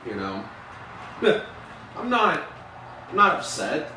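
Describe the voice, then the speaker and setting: A man's voice: a little high, huge pitch swings, slow pace, pauses often, bright, forceful tone, a little hiss or hum. A young man hosting a podcast, delivering an angry political rant full of profanity and bitter sarcasm. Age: young adult. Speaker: podcast host.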